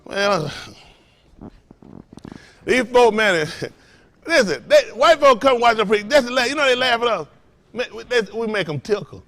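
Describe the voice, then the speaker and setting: A male pastor preaching to his congregation with call-and-response, firing rhetorical questions and swinging between loud emphasis and hushed lines. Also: extremely high pitch, lively intonation, moderate pace.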